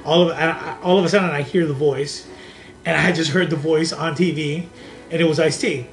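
Young guy on a podcast, kinda high voice, rambling story with lots of restarts. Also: steady tone, brisk, soft background music. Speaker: podcast co-host. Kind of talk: casual chat.

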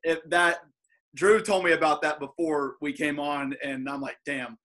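A man's voice: fairly high pitch, steady tone, normal speed, pushed and bright. A man telling a laid-back locker-room story in a casual chat.

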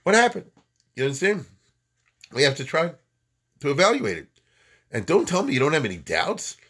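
A man giving an informal lecture to a class. He talks conversationally, full of rhetorical questions and filler words. His pitch swings widely, leaping up when he stresses a point. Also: wildly swooping pitch, normal speed, a bit bright, a little hiss or hum. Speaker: lecturer on Jewish history and thought.

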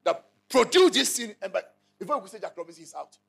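A man's voice: high voice, big pitch swings, quick pace, gravelly, a bit bright, slightly rough. A male pastor with a Ghanaian accent preaching a sermon in an emphatic, repetitive style, often calling out to the congregation and repeating lines. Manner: repetitive, call-and-response, emphatic.

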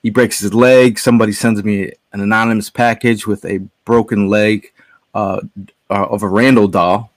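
Podcast guest, man, low voice, dry close sound, loose rambling delivery. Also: steady tone, normal speed, no echo. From Connecticut. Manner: rambling storyteller with many fillers and restarts. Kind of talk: casual chat.

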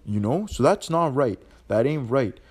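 A man's voice: medium pitch, a little slow, breathy edge. A young man hosting a podcast, ranting bluntly in profane street slang. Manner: animated, ranting. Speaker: podcast host. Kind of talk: casual monologue.

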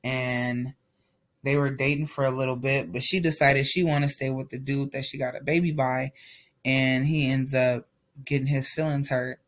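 A man speaks straight to his listeners, recounting a painful chapter of his life. He talks loosely and openly, leaning on "like" as he goes. His voice sits at a middling pitch. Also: little pitch movement, moderate pace. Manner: candid, conversational, many "like" fillers. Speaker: storyteller. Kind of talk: personal storytelling to camera.

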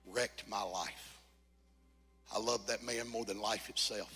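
Husky-voiced preacher in a reverberant church. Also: male voice, medium pitch. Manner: moves from quiet confession to shouted, sung preaching climax. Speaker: pastor. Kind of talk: sermon. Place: church sanctuary.

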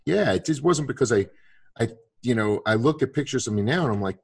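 A man's voice: medium pitch, lively intonation, brisk, vocal fry, slightly rough. A man in his sixties in casual conversation, rambling with many restarts and fillers.

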